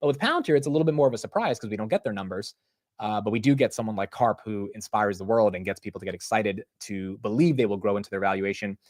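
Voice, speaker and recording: A man's voice: lowish voice, fast talker, darkish tone, dry recording, studio quality. A young man hosting a live market stream, chatting casually about stock prices and answering his chat with "bro" and "dude". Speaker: livestream market commentator.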